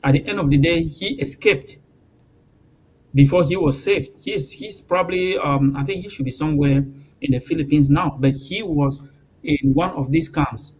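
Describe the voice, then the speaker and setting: A man speaking as a guest on a TV news panel, halting and emotional, with frequent fillers. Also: on the high side, husky, rough recording. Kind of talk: live TV panel discussion.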